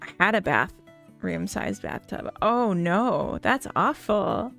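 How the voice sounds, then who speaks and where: A woman's voice: mid-range voice, very animated, slow, creaky, fairly bright tone, soft background music. A Minnesotan woman chatting casually with viewers on a live stream, rambling and giggling often. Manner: giggly, rambling, full of fillers. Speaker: live-streaming game developer.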